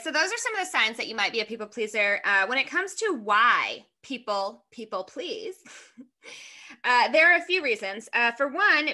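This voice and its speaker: A woman co-hosting a podcast in casual chat, talkative and quick to laugh, reading points from her notes. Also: fairly high pitch, sharp tone. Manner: chatty, laughs often, reads points from notes. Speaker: podcast co-host.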